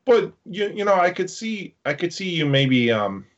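A man's voice: sits high, sing-song, normal speed. A man hosting a casual podcast, rambling and hesitant with many fillers as he chats with friends. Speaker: podcast host. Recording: muffled lo-fi audio.

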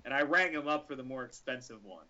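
Lively bright-voiced man telling a story. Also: mid-range voice, fast. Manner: animated, acts out the dialogue in his story. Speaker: podcast co-host telling a story. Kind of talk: casual storytelling chat. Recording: lo-fi podcast audio.

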